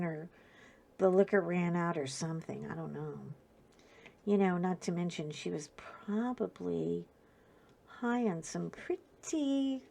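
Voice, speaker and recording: A woman's voice: mid-range voice, gravelly. Wry woman telling stories at home. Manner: animated, wry, with sudden loud bursts. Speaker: craft video host. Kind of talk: casual storytelling while crafting.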